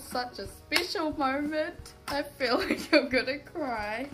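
A woman with a high, bouncy voice that swoops all over as she gushes through a casual unboxing vlog. She is excitable and giggles often, but her words come unhurried. Music plays steadily underneath her. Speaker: beauty vlogger.

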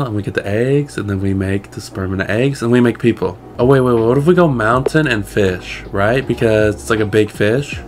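Excitable man playing a game. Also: medium pitch. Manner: excitable, swears and laughs at his own failures. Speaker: gaming streamer. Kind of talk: casual gameplay commentary.

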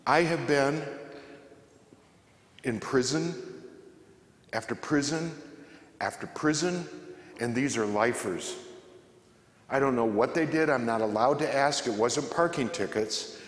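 A man's voice: mid-range voice, slow, long pauses. Man telling stories in an echoey church. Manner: conversational, joking storyteller who drops to a soft, quiet delivery. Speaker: guest speaker at a church. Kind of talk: inspirational faith talk. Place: large church. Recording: echoey church hall with long reverb.

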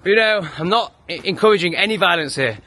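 A man's voice: high-pitched, animated, quick pace, bright, forceful tone. An English man ranting heatedly and swearing a lot in his own opinion vlog. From England. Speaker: vlogger. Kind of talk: profane opinion rant.

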